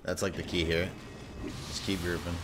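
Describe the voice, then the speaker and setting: A man giving live gameplay commentary, excitable and profane, breaking into sudden yells. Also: low-pitched, moderate pace, over music. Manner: excitable, swearing, bursts into yelling. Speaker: gameplay streamer.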